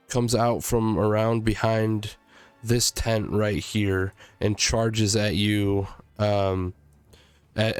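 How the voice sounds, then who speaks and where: Halting male game master, dry sound. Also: on the low side, clear, resonant tone, dry recording. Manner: halting, full of ums and restarts. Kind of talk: narrating a tabletop game.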